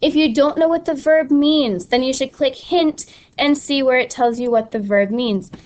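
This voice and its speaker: This Spanish teacher's voice sits high with a darkish tone and moderate pace. In a screen-recorded tutorial, the young woman casually guides viewers through an online study tool, often restarting and saying um.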